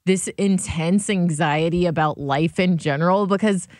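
A young woman co-hosting a radio talk show, chatting in an animated way and laughing often. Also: lowish voice, moderate pace, dry recording, studio quality. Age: young adult. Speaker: radio co-host. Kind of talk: casual talk radio chat.

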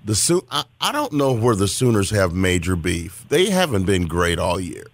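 A man's voice: low-pitched, very animated, moderate pace, no room sound. A man co-hosting a sports podcast, giving blunt, dismissive opinions in casual talk. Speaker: podcast co-host.

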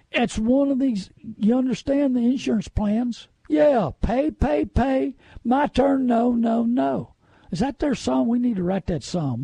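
A middle-aged radio host with a drawl, ranting in a folksy, indignant way. His voice sits high but sounds dark and husky, with a gravelly edge. The sound is dry and close. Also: dry recording. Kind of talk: opinionated radio talk.

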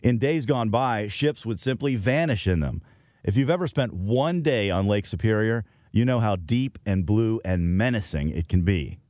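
A middle-aged man with a low voice that rises and falls a great deal as he reads a lyrical, reflective commentary. The studio sound is dry and close. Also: lively intonation, a little mellow, dry recording. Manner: wistful, measured, lyrical. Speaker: host.

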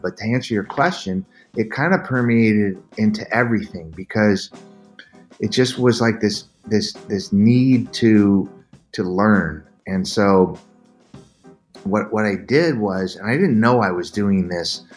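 A middle-aged man with a fairly low voice tells his story as a podcast guest, earnest and animated, jumping into quoted voices. Faint music plays softly beneath him. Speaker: podcast guest, endurance athlete. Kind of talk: candid storytelling interview.

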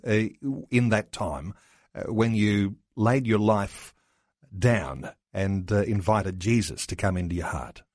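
A man hosting an interview show, introducing his guest and asking questions in a measured, formal way. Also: on the low side, darkish tone, no echo, clean studio sound. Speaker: TV show host.

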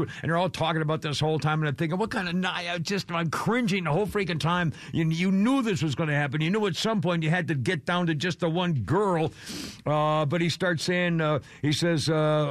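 A man's voice: on the high side, brisk, hardly any pauses, no echo. An older man hosting a radio show, chatting casually in a rambling, exasperated, self-deprecating way.

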